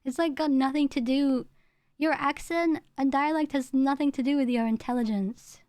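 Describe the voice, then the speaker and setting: A woman's voice: high-pitched, steady tone, moderate pace, a little mellow, no room sound, studio quality. A young woman, chatting casually with her stream chat, rambling and laughing as she goes. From England.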